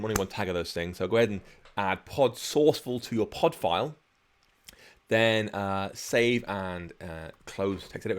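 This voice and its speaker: A man teaching programming on a live stream, chatting and explaining each step as he works. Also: on the low side. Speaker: programming instructor. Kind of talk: live-streamed coding tutorial.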